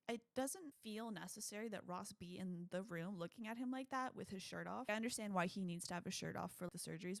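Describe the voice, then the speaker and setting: Young female podcast host, joking film rant, slightly creaky tone, dry close sound. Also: medium pitch, dry recording. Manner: sarcastic, joking, crude; acts out quick mocking quotes of characters. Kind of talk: casual movie review monologue.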